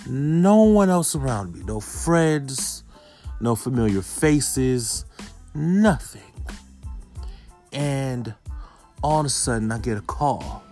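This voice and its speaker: A man in his thirties casually telling viewers a story, swinging from hushed asides to loud exclamations. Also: medium pitch. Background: faint background music.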